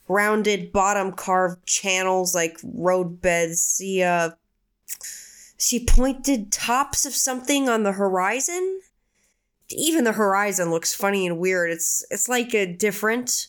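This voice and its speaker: Woman reading aloud, slow and hesitant, smooth clear voice, lots of fillers. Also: medium pitch. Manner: halting, searching descriptions with many fillers.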